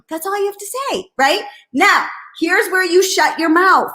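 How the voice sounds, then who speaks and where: Her voice very high-pitched and her pace measured, a woman gives network marketers blunt, energetic coaching in a live stream. "Okay?" comes up again and again, and she acts out both hesitant and excited voices.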